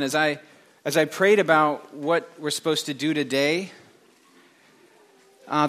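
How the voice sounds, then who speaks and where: A man's voice: on the high side, a bit bright. Rambling, wry male pastor. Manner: rambling, self-correcting, wry asides. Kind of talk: conversational sermon.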